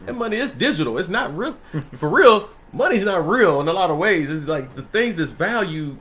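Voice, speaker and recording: A man in a relaxed Bible study who teaches the scripture in a loose, conversational way, laughing often and checking in with his listeners. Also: high voice, normal speed. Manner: loose and conversational, laughs often, asks "you know what I'm saying?".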